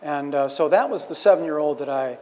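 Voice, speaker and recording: A man's voice: a little high, fairly quick, darkish tone. Hesitant man in a reverberant hall. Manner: hesitant, many restarts and fillers. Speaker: panel guest, writer. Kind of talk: panel discussion.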